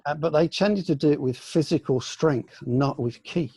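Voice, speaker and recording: An older man from the UK, a senior aikido teacher, reminiscing in a relaxed online question-and-answer session, with many ums and restarts. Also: on the high side, moderate pace, slightly rough, no echo. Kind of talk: casual online Q&A. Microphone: video call.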